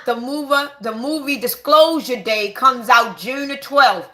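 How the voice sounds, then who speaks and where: A woman, giving an excited, emphatic spiritual monologue to her viewers and repeating herself for stress. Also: high voice, measured pace. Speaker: spiritual vlogger. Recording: echoey room.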